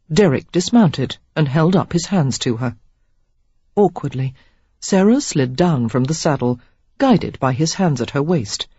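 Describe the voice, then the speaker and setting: Reading scripted audiobook narration of a romance novel, a female narrator uses a deep, husky voice with expressive, measured delivery. There's no room sound, and the recording comes across dull and dry.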